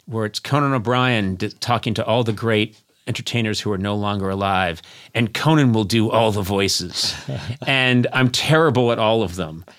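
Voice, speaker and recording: A man's voice: lowish voice, normal speed, a bit bright. A man hosting a comedy podcast, riffing in a wry, self-mocking, playful way in a studio. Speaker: podcast host. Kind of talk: comic casual chat.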